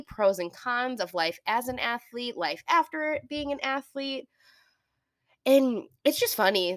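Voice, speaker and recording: A woman's voice: medium pitch, a bit bright, no echo. A woman in her twenties hosting a casual podcast chat, playful, bubbly and rambling. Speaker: podcast host.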